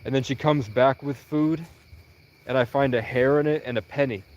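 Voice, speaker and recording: A man's voice: medium pitch, muffled recording. A young man on a livestream, telling a long rambling personal story and acting out the dialogue. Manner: animated, quoting others in quick dialogue.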